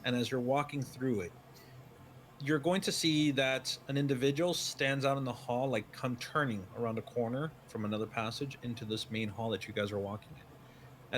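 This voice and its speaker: A man running a tabletop game, narrating the scene in a loose, descriptive way with plenty of fillers. His voice sits at a middle pitch, with faint background hiss. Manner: descriptive second-person narration with many fillers. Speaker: game master.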